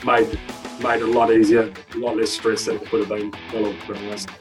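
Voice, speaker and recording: A man, a guest on a podcast, friendly and relaxed. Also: on the low side, a little fast, music in the background. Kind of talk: casual interview chat.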